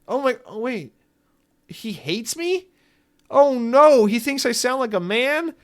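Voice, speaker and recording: A man's voice: extremely high pitch, animated, slow pace, a bit bright, pitched above the performer's own voice, heavily acted. A man voicing a flustered woman pop star who gushes and then panics with squeals. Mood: panicked.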